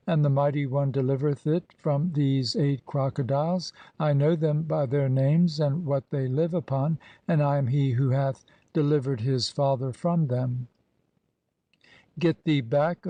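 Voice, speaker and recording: A man giving a measured, solemn reading of an ancient religious text as an audiobook. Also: fairly high pitch, dark tone, no room sound. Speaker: audiobook reader.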